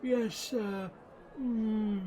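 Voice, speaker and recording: Man playing a very old gnome merchant, forgetful, quavering, hesitant, high-pitched. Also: steady tone, extremely slow, warm tone, some chatter behind, a little hiss or hum. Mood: doddering. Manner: quavering, hesitant, full of ums and uhs.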